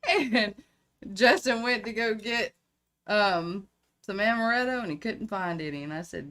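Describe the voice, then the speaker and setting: Woman co-host, crisp bright voice, loose profane webcam banter. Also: medium pitch, takes it slowly, pauses often. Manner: profane, laughing often. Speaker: podcast co-host. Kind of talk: casual livestream chat.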